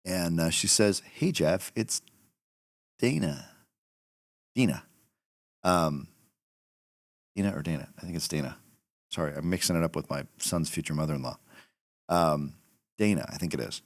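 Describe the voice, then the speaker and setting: A middle-aged man hosting a podcast, telling a story in a casual, animated way and laughing as he goes. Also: low-pitched, normal speed, pauses often, no echo, studio quality. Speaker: podcast host.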